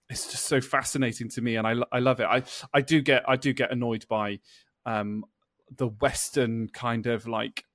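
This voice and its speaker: A man's voice: medium pitch, no echo, studio quality. A man hosting a casual podcast over a video call, telling stories and acting out quoted dialogue. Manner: chatty storyteller who acts out quoted dialogue. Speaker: podcast host.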